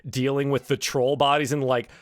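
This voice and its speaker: A man's voice: medium pitch, little pitch movement, moderate pace, no room sound, clean studio sound. A man narrating as game master of a tabletop game, rambling with many fillers and restarts.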